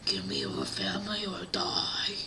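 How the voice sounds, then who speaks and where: A woman voicing a sinister male dark wizard in a whispered role-play, speaking in a low hissing whisper. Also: wildly swooping pitch, unhurried, gravelly, reverberant, heavily acted. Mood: menacing.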